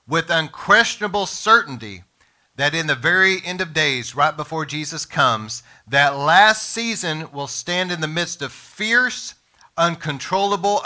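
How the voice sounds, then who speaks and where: A man preaching a sermon as pastor, emphatic, slowing down to stress words and speaking straight to his congregation and listeners. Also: on the high side, sharp tone. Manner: addresses congregation and podcast listeners directly.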